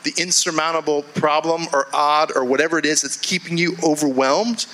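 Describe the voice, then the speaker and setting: A man's voice: a little high, fairly even intonation, fairly quick, a bit bright, low-quality recording. A male pastor preaching a sermon to a congregation, talking conversationally, restarting phrases and acting out quoted inner voices. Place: church with a congregation.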